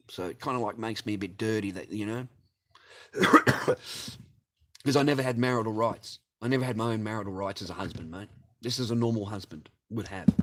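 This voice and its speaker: A man's voice: fairly low pitch, fairly bright tone. A middle-aged man ranting to his viewers about his marriage, swearing, aggrieved and repeating himself. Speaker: vlogger. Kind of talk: angry personal rant to camera.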